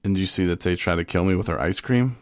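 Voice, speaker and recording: Low gravelly man joking on a podcast. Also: quick pace, dry recording, clean studio sound. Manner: joking, rambling, self-interrupting. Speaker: podcast co-host. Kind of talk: casual podcast chat.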